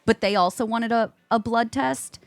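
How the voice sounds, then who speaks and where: A woman streamer chatting casually, reading and answering her chat aloud and jumping high in pitch when excited. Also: moderate pace, creaky, dry recording.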